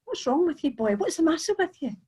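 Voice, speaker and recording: A woman's voice: high voice, very animated, fast talker, darkish tone, voice pushed up, low-quality recording. A woman voicing a haughty, know-it-all female mermaid who talks in a bossy, teasing, dramatic way.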